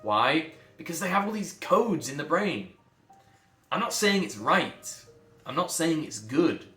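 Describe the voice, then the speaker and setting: A man's voice: a little high, very animated, measured pace, pushed and bright, echoey room, faint music behind. A man working as a voice coach, talking in an emphatic, passionate monologue and repeating words for stress.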